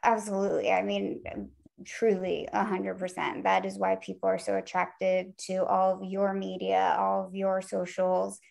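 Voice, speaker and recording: A woman guest in an interview, speaking in an earnest, encouraging way as she gives career advice. Her voice sits in a middle pitch with a gravelly, fry-tinged edge. She loosens her points with casual fillers. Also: little pitch movement, normal speed, a little mellow. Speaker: talent manager, guest.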